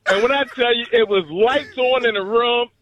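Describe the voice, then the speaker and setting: A man calling in to a sports radio show, telling a story in an animated, joking way. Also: extremely high pitch, moderate pace. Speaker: caller. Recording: dull lo-fi phone line.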